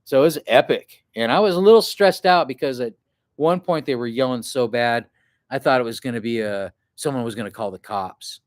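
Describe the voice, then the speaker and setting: A man talks straight to the camera about a trip, rambling and swearing as he goes. He acts out the shouting of people he heard. His voice is clear and resonant, sits in a middle pitch range, and sounds dry and close to the mic. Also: a little fast, no room sound. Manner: rambling and profane, acts out what others shouted. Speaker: outdoor adventure vlogger. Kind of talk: casual storytelling to camera.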